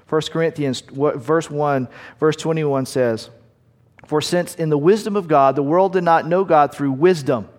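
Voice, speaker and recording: Man preaching a sermon in an echoing hall. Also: fairly high pitch. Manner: slows down to stress key words, drops to quiet at line ends. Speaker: pastor. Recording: long hall reverb.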